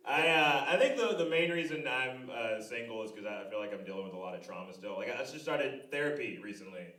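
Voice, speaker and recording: A man in his thirties doing a stand-up comedy set on a live club stage, animated and loud with shouted impressions. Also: medium pitch, fast talker. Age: 30s. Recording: echoey room, voice from a distance. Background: audience laughter.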